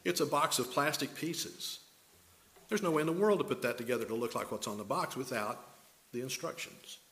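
Older guy preaching, folksy stories and questions to the room, mid-pitched voice. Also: a bit bright, a little hiss or hum. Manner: folksy storytelling with rhetorical questions. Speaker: pastor. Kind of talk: sermon.

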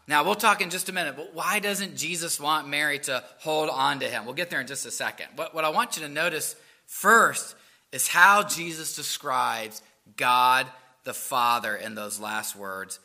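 Bright-voiced man preaching a sermon. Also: on the high side, moderate pace. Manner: earnest, rising and falling for emphasis. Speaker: pastor.

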